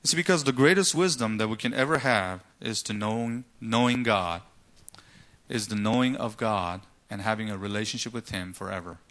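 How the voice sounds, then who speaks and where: Bright-voiced male preacher, rhetorical. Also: fairly low pitch, moderate pace. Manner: rhetorical questions, dramatic retelling with acted voices. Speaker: pastor. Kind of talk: sermon.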